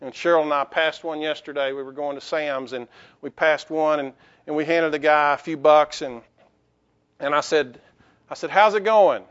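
A man's voice: on the high side, normal speed, a bit bright, muffled recording. A man pastor preaching a sermon in a conversational way, with restarts and rhetorical questions to the congregation.

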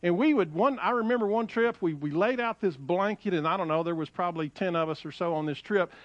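A middle-aged man preaching a sermon, animated and repeating phrases as he quotes scripture. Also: high voice, brisk, dry recording, highs cut off. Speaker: pastor.

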